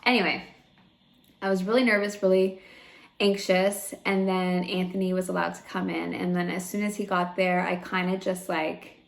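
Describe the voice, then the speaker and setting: A woman's voice: on the low side, little pitch movement, normal speed, creaky. A young woman vlogging about her own experience in a chatty, candid way, full of fillers and close to tears at moments. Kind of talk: personal vlog storytelling.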